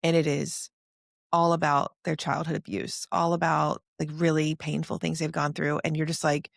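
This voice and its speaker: A woman's voice: sits low, flat delivery, moderate pace, gravelly, dry recording, clean studio sound. A young woman hosting a podcast interview, chatting casually and animatedly, often laughing. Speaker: podcast host.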